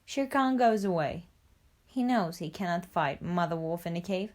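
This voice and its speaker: A woman narrating a storybook for language learners, reading clearly and deliberately. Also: fairly low pitch, animated. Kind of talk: graded-reader storybook narration.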